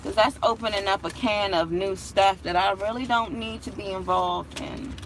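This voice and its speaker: Sitting in a parked car with street noise outside, a young woman who manages properties talks to viewers over her phone, chatty and full of stories and laughter. She speaks at medium pitch and normal speed with fairly even intonation.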